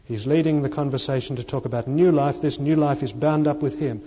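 Preacher in a reverberant church. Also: male voice, medium pitch, fairly even intonation, a little fast, dark tone, breathy edge, lo-fi sound. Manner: emphatic, repeating key phrases, dropping his voice on quotes. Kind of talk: sermon.

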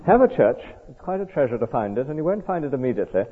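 Earnest preacher in a tinny hall. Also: male voice, medium pitch, very animated, slight background noise. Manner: earnest, measured, conversational. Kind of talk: sermon. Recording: tinny echoey hall recording.

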